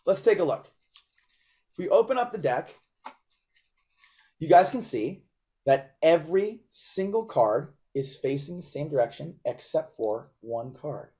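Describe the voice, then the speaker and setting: Chatty showy male magician, lively pitch. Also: a little slow, pauses often. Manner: showy, self-mocking, chatty with volunteers. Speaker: magician performing for a live audience. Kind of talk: upbeat magic patter.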